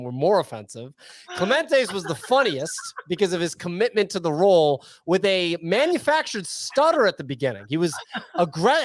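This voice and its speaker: A man's voice: sits high, no room sound. A man hosting a podcast in casual chat, wry and steering the talk. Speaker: podcast host.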